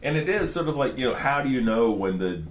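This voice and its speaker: A man's voice: medium pitch, expressive, fast, noisy background. A man in his forties co-hosting a podcast, chatting casually and rambling with lots of "like" and "you know". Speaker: podcast co-host. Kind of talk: casual chat. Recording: echoey room.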